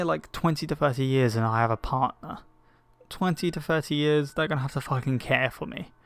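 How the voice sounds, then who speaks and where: A man's voice: mid-range voice, creaky, fairly bright tone. A man talking through a personal, rambling monologue from his bed, hesitant and searching for words, emotional and choked up. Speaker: video creator. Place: bedroom, in bed.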